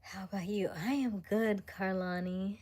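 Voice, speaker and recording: A woman's voice: lowish voice, moderate pace, darkish tone. A young woman hosting a casual live stream, chatting with viewers, laughing often and slipping into whispery asides. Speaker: livestream host.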